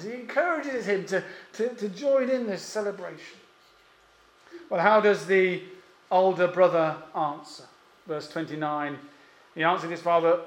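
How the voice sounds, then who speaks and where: A man preaching a sermon, emphatic and pausing often, with rhetorical questions. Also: high voice, animated. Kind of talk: expository sermon. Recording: echoey room.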